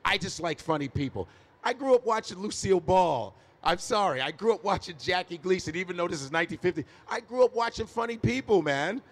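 Animated, foul-mouthed comedian. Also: male voice, high-pitched, brisk. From Chicago. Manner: animated storyteller, swears freely, laughs often. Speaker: stand-up comedian, podcast guest. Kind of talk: casual interview chat. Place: live podcast stage.

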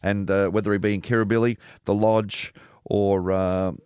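A man's voice: on the low side, level tone, normal speed, darkish tone, smooth, dry recording. A man co-hosting a comedy radio show, dry and matter-of-fact. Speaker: radio co-host.

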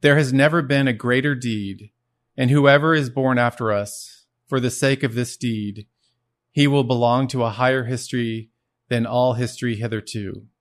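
A man's voice: mid-range voice, steady tone, moderate pace, close to an everyday voice. A man voicing a frantic male madman preaching in a marketplace, reading the passage aloud with rising intensity. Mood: impassioned.

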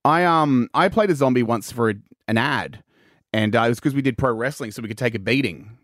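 A man's voice: medium pitch, a little fast, fairly bright tone, no room sound, studio quality. A man co-hosting a radio show, trading jokey, teasing banter. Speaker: radio co-host. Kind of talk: casual chat.

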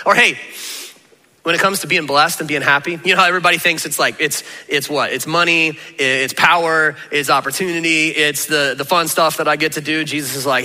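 A man preaching a sermon in an animated, conversational way, with sudden jumps up in pitch. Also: fast, big-room sound. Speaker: pastor.

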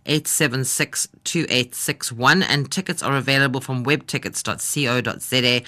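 A woman, hosting a radio travel show and reading stories aloud in a lively, expressive way. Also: very deep voice, normal speed. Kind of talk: radio chat and story reading.

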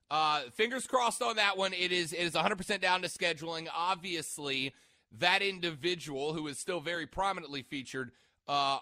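Bright-voiced male sports radio host. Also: on the high side, dry recording. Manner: chatty, rambling, stops mid-sentence to check notes. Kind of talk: casual sports radio chat. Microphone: studio microphone.

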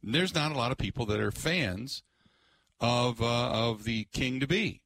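A man's voice: mid-range voice, unhurried, a little hiss or hum. A man hosting a sports radio show, telling stories in a casual chat and laughing often. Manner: laughs often, animated storytelling.

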